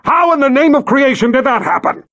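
Brutal commander, high strained bark, put on by a male narrator. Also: sing-song, brisk, heavily acted. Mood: outraged. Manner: shouting orders. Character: gruff brutal male army commander, barking.

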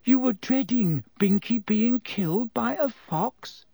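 A brainy, impatient schoolgirl, put on by a man, explains things in a precise, lecturing way. Her voice sits noticeably higher than the reader's own and lilts up and down. The sound is close and dry. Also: expressive, takes it slowly, warm tone, dry recording, exaggerated voice. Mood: earnest. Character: earnest, bossy schoolgirl, logical and impatient. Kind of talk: audiobook character voice.

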